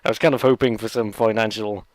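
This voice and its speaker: A man's voice: on the low side, fairly even intonation, quick pace, no echo. A man hosting a let's play, giving rambling, sarcastic gameplay commentary full of jokey asides.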